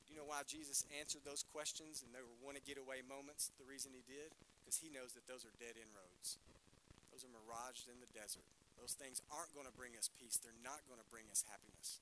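Bright-voiced preacher in a church. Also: male voice, mid-range voice, fairly quick, slight background noise, rough recording. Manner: preaching to a congregation, asking them questions. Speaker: pastor. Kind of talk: sermon. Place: church hall.

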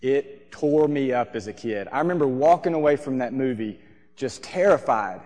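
Pastor preaching in a reverberant hall. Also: male voice, medium pitch, normal speed. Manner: storytelling, animated, acts out voices. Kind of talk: sermon. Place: church stage.

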